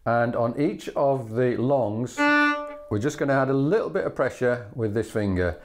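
Male fiddle instructor, methodical and patient, mid-pitched voice, loud fiddle behind. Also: moderate pace, loud music behind the voice. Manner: patient, methodical, sings rhythms aloud. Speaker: fiddle teacher. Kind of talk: instructional demonstration. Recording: loud fiddle playing between phrases.

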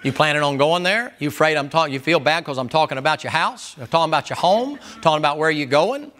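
High, bright-voiced preacher man. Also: animated, quick pace. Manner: loud, emphatic, hollering at times. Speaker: pastor. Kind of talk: sermon.

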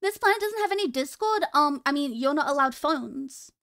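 A woman's voice: sits high, expressive, moderate pace, a bit bright, dry recording, clean studio sound. A young woman streamer chatting casually with her viewers in a playful, teasing way, laughing often.

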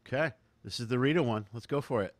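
A man's voice: mid-range voice, fast. A male host in casual chat, mumbling to himself as he sets up a clip.

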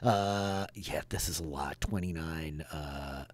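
A man's voice: very deep voice, takes it slowly. A man acting as dungeon master, his voice worn out, talking in a laid-back, chatty way and laughing often. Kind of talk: narrating a tabletop game.

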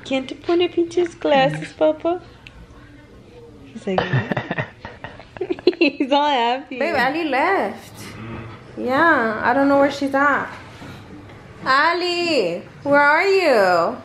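A woman's voice: high voice, animated, extremely slow, long pauses, a bit bright, slight background noise. A woman filming her children at home, talking to them in a sing-song baby voice and laughing often. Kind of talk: casual family vlog.

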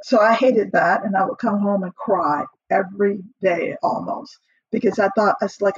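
A middle-aged woman with a husky voice, a podcast guest telling her career story in a lively way, laughing often and acting out what she said back then. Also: medium pitch, normal speed, dry recording, lo-fi sound. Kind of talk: casual storytelling interview.

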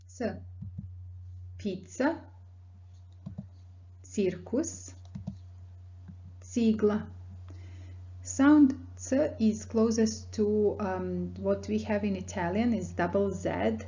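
A woman teaching a language lesson, patiently explaining mouth positions and demonstrating sounds slowly. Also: mid-range voice, warm tone, lo-fi sound.

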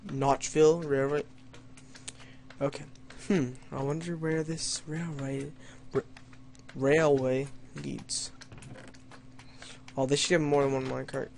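A man's voice: on the high side, flat delivery, takes it slowly, gravelly, long pauses, a little mellow, slight background noise. A young man doing let's play commentary, reading story lines in a mock-dramatic tone and joking wryly at himself. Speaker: gamer playing an adventure map.

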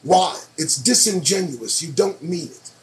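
A man's voice: on the high side, lively intonation, a little slow. A man hosting his own show, reading news headlines aloud and reacting to them with profane, sarcastic commentary. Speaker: show host.

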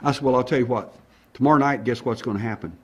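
Man, husky voice, animated storyteller, acts out the dialogue, middle pitch. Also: fast. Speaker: alien abduction investigator. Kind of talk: storytelling monologue.

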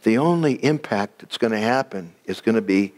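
A man, a pastor, preaching a sermon in a church. He talks with animation, climbing high when excited, and drops soft, slow and low when he prays.

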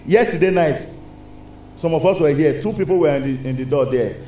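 A man with a Nigerian accent preaching a lively sermon in a church, asking the congregation rhetorical questions. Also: fairly high pitch, brisk. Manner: animated, call-and-response preaching with rhetorical questions. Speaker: pastor. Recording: echoey hall with faint noise.

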